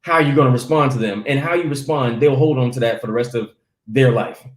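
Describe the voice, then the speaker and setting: A man, a comedian, telling stories in a lively casual chat and acting out quotes as he goes. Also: medium pitch, a little fast, reverberant. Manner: animated storytelling with acted quotes. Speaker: guest comedian.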